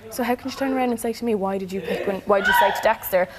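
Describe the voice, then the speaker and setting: A woman in a reality show house, rapidly retelling a conversation and quoting what others said, in a heated casual chat. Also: mid-range voice, very noisy. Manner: rapid, retelling with quoted dialogue. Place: house living area, indoors.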